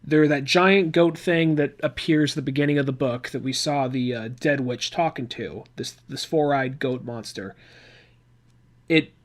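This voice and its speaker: A man's voice: medium pitch, moderate pace. A man hosting a podcast, recapping a comic book in a rambling, chatty way with asides. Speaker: podcast host.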